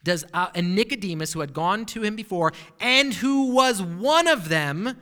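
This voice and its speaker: Male pastor, high sharp voice, emphatic sermon delivery with rhetorical questions, long hall reverb. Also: expressive, normal speed.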